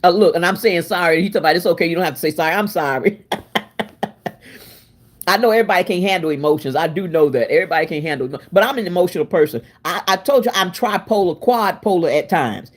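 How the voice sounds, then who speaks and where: A woman's voice: lowish voice, fast. Chatty woman cooking live. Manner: chatty and expressive, laughing and talking back to chat. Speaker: livestream host. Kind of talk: casual livestream chat while cooking.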